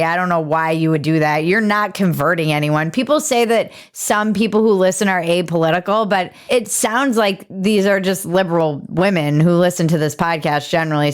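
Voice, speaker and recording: Woman host, sarcastic, quick comic riffs, casual podcast banter. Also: fairly low pitch. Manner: sarcastic, riffing. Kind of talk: casual comedic commentary.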